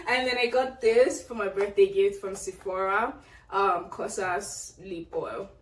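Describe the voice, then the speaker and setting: A woman's voice: medium pitch, fairly even intonation, slow. A young woman vlogger unboxing birthday gifts in casual chat, gushing and exclaiming often. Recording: roomy echo, distant mic, faint noise.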